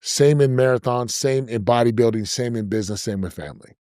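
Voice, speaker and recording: A middle-aged man talking as a podcast guest, giving business advice in an energetic, emphatic way and repeating himself to stress a point. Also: medium pitch, a little fast, no echo, studio quality. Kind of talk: conversational interview.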